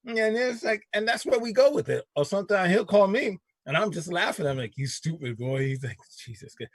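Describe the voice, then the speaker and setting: A man's voice: high voice, expressive, brisk, slightly rough, no echo. A man hosting a casual talk show, telling stories bluntly and animatedly with some cussing. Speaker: show host. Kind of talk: casual chat.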